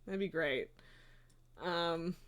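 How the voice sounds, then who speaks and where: A woman's voice: on the low side, very slow. A woman streaming live, chatting casually and cooing and scolding her pets in baby talk. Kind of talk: casual livestream chat.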